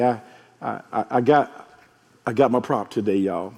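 A man, a hoarse pastor preaching a sermon and calling out to his congregation, rising to shouts. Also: on the low side, measured pace. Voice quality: gravelly, husky. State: hoarse from allergies. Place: large church sanctuary. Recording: long echo of a large church hall.

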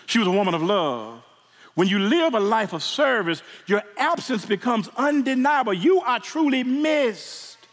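A pastor's extremely high voice swings widely in pitch as he preaches at a measured pace in a church sanctuary. Emotional and building, he repeats his words, with the reverberant hall echoing each phrase.

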